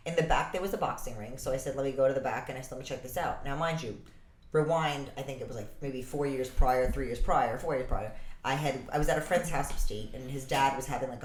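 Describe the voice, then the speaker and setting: A woman with a low voice tells her story at a rapid clip, animated and swearing freely. The sound is roomy with a clear echo. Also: slight background noise. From the Bronx, New York. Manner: animated, swearing, laughs through her stories. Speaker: boxer, podcast guest. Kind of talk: casual storytelling in conversation.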